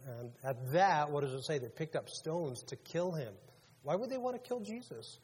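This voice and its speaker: Husky man preaching in a big hall. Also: a little high, lively intonation, moderate pace, darkish tone. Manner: conversational preaching, asks the congregation questions. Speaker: pastor. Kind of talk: sermon. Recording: long reverb of a large hall.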